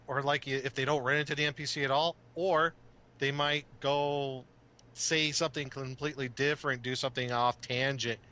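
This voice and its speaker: Bright-voiced hammy man chatting. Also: medium pitch, flat delivery, moderate pace. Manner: theatrical and hammy, laughs often. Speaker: podcast co-host and game master. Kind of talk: casual chat.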